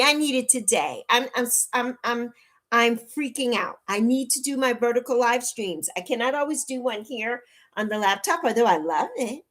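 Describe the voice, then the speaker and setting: Flustered and begging for help, a livestream host in her sixties welcomes viewers by name during a casual stream picked up by a laptop mic. She has a high, fairly bright voice.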